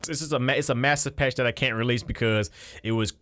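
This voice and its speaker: A man's voice: medium pitch, fairly even intonation, fast, loud music behind the voice. A man talking casually through a beat-making tutorial at his computer, loose and conversational with frequent restarts. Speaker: music producer.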